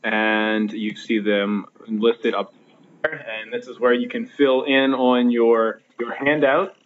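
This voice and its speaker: At home with his laptop, a man records a slideshow lecture, explaining patiently amid many fillers and restarts. His medium-pitched voice is flat and slow, and the sound has a phone-like quality.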